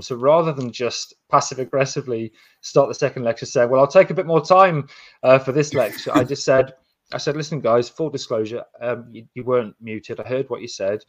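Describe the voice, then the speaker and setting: A man's voice: mid-range voice, no echo. Male co-host, casual and practical, recorded muffled and close. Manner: earnest, practical, restarts often. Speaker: podcast co-host. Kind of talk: casual advice podcast chat. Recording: dull, dry lo-fi sound.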